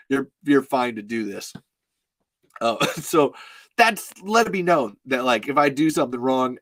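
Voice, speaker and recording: A man in his thirties hosts a live stream and tells a long story in a loose, rambling way, full of "like" and easy swearing. He breaks into laughter often. His voice sits at an ordinary middle pitch and sounds dry and close, with no room echo. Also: a bit bright. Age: 30s. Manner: rambling and laughing, heavy use of "like", swears freely. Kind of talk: casual storytelling to a live chat.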